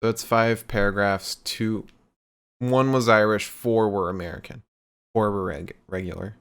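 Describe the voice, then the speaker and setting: A man's voice: on the low side, steady tone, measured pace, a bit bright, clean tone. A man co-hosting a podcast in casual chat, dry and teasing. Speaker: podcast co-host.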